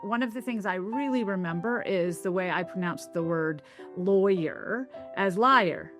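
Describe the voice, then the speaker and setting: A woman from the American South who is a linguist, telling stories and explaining ideas in a thoughtful, lightly animated interview. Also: lowish voice, normal speed, over music. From American South (Tennessee). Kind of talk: reflective interview storytelling.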